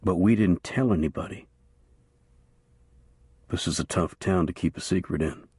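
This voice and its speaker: Man doing a coarse, gruff townsman. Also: low voice, normal speed, darkish tone, dry recording. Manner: coarse, dry.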